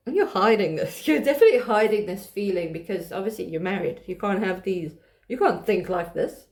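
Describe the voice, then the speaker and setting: A woman's voice: medium pitch, lively intonation, fairly quick, a little mellow. A woman hosting a tarot reading channel, talking casually to camera, with frequent restarts and laughter as she reads the cards. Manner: chatty, restarts often, laughs while reading. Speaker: tarot reader.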